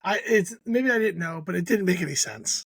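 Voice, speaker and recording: A man's voice: high voice, expressive, a little fast, breathy edge, dry recording. A man co-hosting a podcast in casual chat, ranting emphatically and critically, often restarting his sentences. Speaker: podcast co-host.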